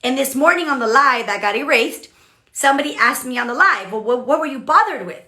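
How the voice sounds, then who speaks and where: A woman giving a chatty, animated motivational livestream talk as a business coach, with frequent "okay" and "like" fillers. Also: sits high, brisk, roomy sound. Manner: animated, chatty, many okays and likes.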